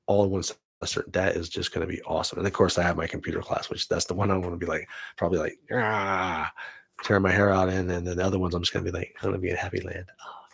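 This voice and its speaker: Brief: forties male vlog host, gravelly low voice, relaxed enthusiastic chat, salty language. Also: rapid-fire, no room sound. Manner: loose and enthusiastic, swears freely. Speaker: vlog host, film student. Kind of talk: casual rambling chat.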